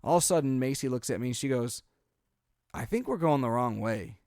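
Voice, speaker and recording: The speaker is a man in his thirties, a father who co-hosts a podcast, talking at medium pitch and a fairly quick clip. He tells a long family anecdote casually, acting out dialogue and dropping in frequent "like" and "um." The studio-quality audio has no echo.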